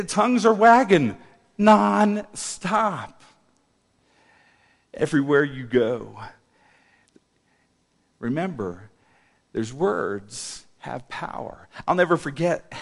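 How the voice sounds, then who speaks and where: A middle-aged male pastor preaching a sermon in a church, animated, swinging between loud emphasis and quiet asides. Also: on the high side. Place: church hall. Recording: long reverb of a church hall.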